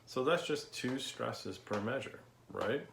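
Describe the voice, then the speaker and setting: A man's voice: medium pitch, animated, slow pace, gravelly, roomy sound, very noisy. A male music teacher giving an online lesson, counting beats aloud patiently and checking in with "okay?".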